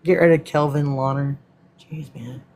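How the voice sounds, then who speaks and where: Speaking at a moderate pace with fairly even intonation, this Texan live-stream host has a highish, gravelly, slightly mellow voice. He works through a script, stopping now and then to answer viewers casually and with swearing.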